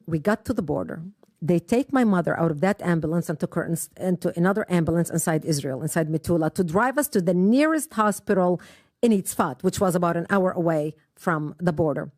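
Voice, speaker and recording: A woman's voice: on the low side, darkish tone, no room sound, studio quality. A woman, earnestly telling her personal story as an interview guest. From Lebanon. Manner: earnest, emphatic, retells events in present tense with repeats.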